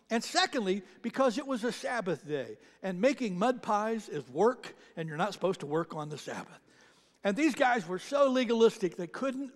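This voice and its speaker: A male pastor delivers a casual, animated sermon in a high voice, speeding up and slowing down for emphasis. His words ring out with the long reverb of a church hall. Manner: conversational preaching with animated retelling, voices bystanders, slow emphatic lines. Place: church sanctuary.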